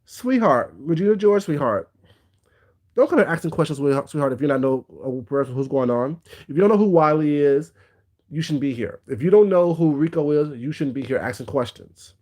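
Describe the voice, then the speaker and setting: A man's voice: on the high side, lively intonation, moderate pace, a little mellow. A man hosting a casual livestream, giving blunt, gossipy commentary and greeting viewers by name. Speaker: livestream host.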